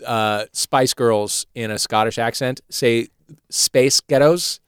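A man's voice: slow pace, clear, resonant tone, no echo, clean studio sound. A man hosting a comedy podcast game show, playfully quizzing and teasing the contestants. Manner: playful, teasing quizmaster, lively pitch.

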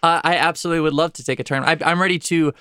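A woman's voice: deep voice, fairly even intonation, rapid-fire, a bit bright, clear, resonant tone, dry recording, studio quality. A woman comedian guesting on a podcast, cracking puns and laughing at her own jokes. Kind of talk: improvised comedy game.

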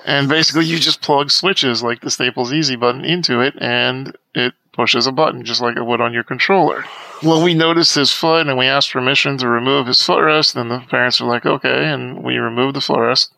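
A man telling a story as a podcast guest, lively and acting out the voices of the people in it. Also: medium pitch, fairly quick, vocal fry, low-quality recording. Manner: animated storyteller acting out quoted dialogue. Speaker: guest, accessibility advocate. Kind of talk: conversational storytelling.

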